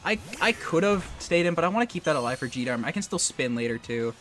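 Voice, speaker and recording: Commenting live on his own competitive match, a young man mutters strategy thoughts under his breath and trash-talks his opponent in between. His slightly high, somewhat bright voice is expressive and quick.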